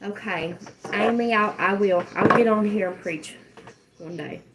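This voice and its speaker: A woman's voice: mid-range voice, unhurried, heavy background noise. A woman hosting a casual livestream, joking, laughing often and swearing playfully. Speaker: livestream host.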